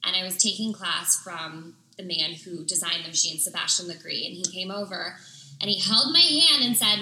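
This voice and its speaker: Woman studio instructor, very bright tone, echoey room; upbeat explainer. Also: medium pitch, moderate pace. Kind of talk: casual interview answers.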